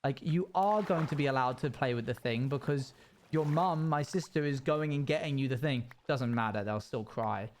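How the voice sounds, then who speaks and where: A man's voice: medium pitch, normal speed, slight background noise. A young man streaming a game and telling a rambling story with sound-effect noises. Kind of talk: casual storytelling while gaming.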